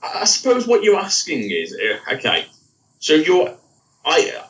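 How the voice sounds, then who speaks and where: Pitched on the high side with wildly swooping intonation, a bit bright and measured in pace, this podcast co-host rambles through an episode recap. He corrects himself as he goes and laughs at his slips, while the wrong mic picks him up from far away.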